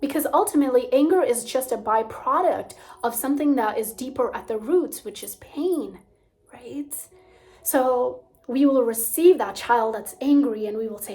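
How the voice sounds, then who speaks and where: Brief: young woman coach, soft and hushed, fairly high voice, slow gentle teaching. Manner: soft-spoken, drops to near whispers. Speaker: spiritual coach and channel host.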